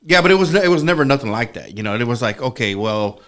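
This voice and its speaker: A man's voice: mid-range voice, expressive, very fast, a bit bright. A young man, a podcast guest, chatting in a laid-back way and swearing casually. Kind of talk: casual chat.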